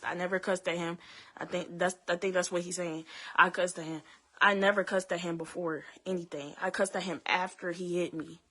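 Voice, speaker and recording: Bright-voiced young woman, halting storytelling. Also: on the low side. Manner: halting, many fillers and restarts, speaks to viewers directly. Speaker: vlogger telling her story. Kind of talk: emotional personal storytelling to camera.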